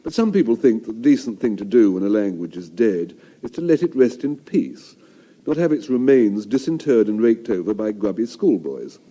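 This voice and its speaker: Dry, wry English radio host. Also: male voice, fairly low pitch, very animated, moderate pace, mellow. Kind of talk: scripted radio presentation. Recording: broadcast radio studio.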